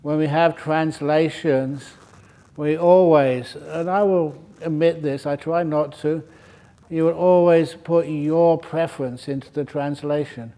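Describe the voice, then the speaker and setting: A monk with a slightly higher voice gives a retreat talk in a relaxed, humorous way. He wanders into side stories and chuckles at his own asides while he teaches. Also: unhurried. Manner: relaxed, joking and digressive, with laughter. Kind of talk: Dharma talk. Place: retreat centre hall.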